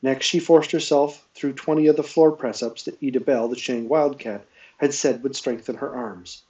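A man reading a novel aloud live, telling it at a steady pace with small self-corrections. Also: mid-range voice, normal speed, distant mic. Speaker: reader.

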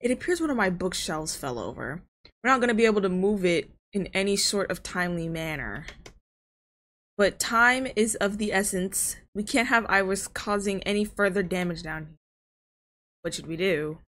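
A woman reading out the lines of a brisk, formal middle-aged male scientist in a game, urgent in manner. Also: medium pitch, lively intonation, fairly bright tone, natural voice. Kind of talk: reading game dialogue aloud.

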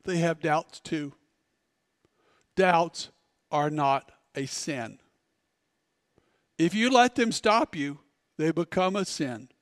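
A male pastor delivers a storytelling sermon, dropping to quiet asides and then rising to loud, dramatic peaks. His high, clear voice moves at an unhurried pace. The mic is close and dry, but a long church reverb trails after him. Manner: storytelling preacher, swings from loud shouts to hushed asides. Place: church sanctuary.

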